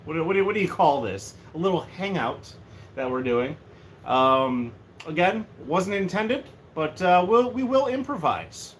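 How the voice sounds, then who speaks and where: A man's voice: fairly high pitch, unhurried. A man chatting casually and jokily on a livestream from a room at home, rambling from one thing to the next. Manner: rambling, joking, animated. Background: faint heater hum.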